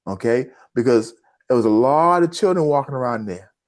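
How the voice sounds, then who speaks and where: A man's voice: mid-range voice, animated, moderate pace. Indignant male commentary host. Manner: indignant, addresses listeners as family. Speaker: host of a news commentary channel. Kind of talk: impassioned commentary addressing viewers.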